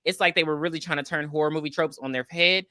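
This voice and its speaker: A woman's voice: low voice, fast talker, pushed and bright, no echo, studio quality. A woman co-hosting a podcast, recapping a movie in casual, profane chat and acting out the characters' lines. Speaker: podcast co-host.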